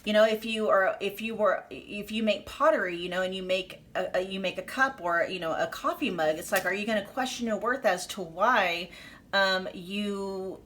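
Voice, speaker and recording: A woman's voice: mid-range voice, moderate pace, a bit bright. A woman giving a pick-a-card tarot reading, effusive and emphatic, speaking straight to her viewers with many fillers. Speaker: tarot reader.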